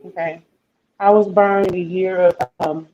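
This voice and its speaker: A hesitant woman in her late thirties speaks haltingly on a group video call, her voice low and flat. She sits far from her microphone, so the audio comes through dull and lo-fi with faint noise. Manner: hesitant, halting, with many fillers. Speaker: guest. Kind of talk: casual group video chat.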